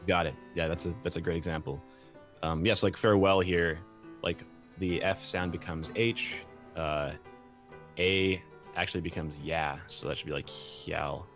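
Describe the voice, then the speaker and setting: Very low-voiced man rambling casually. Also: fairly even intonation, normal speed, fairly bright tone, faint music behind. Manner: rambling, many fillers and restarts. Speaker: game language designer explaining a cipher. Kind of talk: casual chat.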